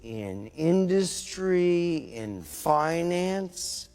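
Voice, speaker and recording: An actor playing an indignant, self-righteous tech billionaire making a speech. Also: male voice, medium pitch, very animated, a little slow, a little mellow.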